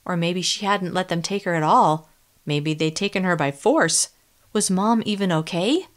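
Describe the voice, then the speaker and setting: A woman narrating a first-person audiobook in an expressive, tense storytelling manner. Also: fairly low pitch, moderate pace.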